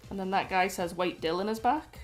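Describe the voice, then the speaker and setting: A woman's voice: mid-range voice, brisk. A woman co-hosting a stream, reading chat messages aloud and tossing in dry, teasing jokes.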